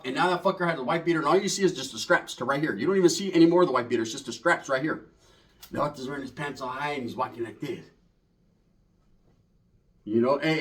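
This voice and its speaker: A man's voice: on the high side, a bit bright. A man telling a rambling, profane street story in casual slang, full of asides. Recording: voice from far off the mic.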